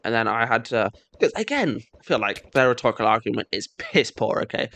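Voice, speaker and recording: A young man telling a sarcastic comedic monologue, mock-self-righteous, breaking into shrill squeaky voices when he mimics kids. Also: sing-song, fairly quick, gravelly, a bit bright. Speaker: comedic storyteller.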